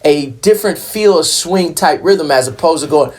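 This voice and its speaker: A man's voice: on the high side, normal speed, few pauses, loud music behind the voice. A man giving a casual hand percussion lesson, explaining plainly, counting beats aloud and checking in with the listener. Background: hand drum playing.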